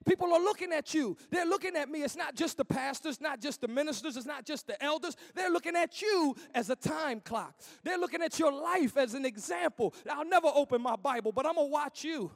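A man preaching a sermon as pastor, impassioned, rising to shouts and dropping low, in an informal church preaching cadence. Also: animated, a little fast, vocal fry, hardly any pauses. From United States.

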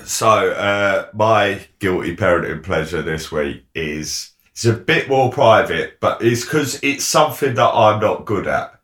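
A man's voice: on the low side, animated, measured pace, few pauses, a bit bright, reverberant. A man in his thirties co-hosting a podcast in casual chat, a jokey storyteller who mimics voices. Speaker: podcast co-host.

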